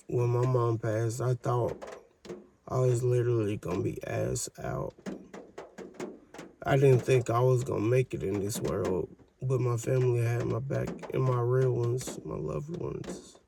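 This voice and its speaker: A man speaking in a halting, candid and reflective way, recording a personal video diary. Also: medium pitch, creaky, noisy background. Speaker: vlogger.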